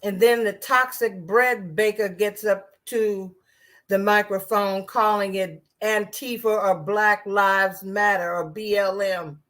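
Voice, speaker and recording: A woman talks through the news at a slow, unhurried pace, her pitch sitting in an ordinary middle range. She is sarcastic and rambling, doubling back on herself with restarts and asides as she comments. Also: steady tone, a bit bright. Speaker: political commentator. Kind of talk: casual political commentary vlog.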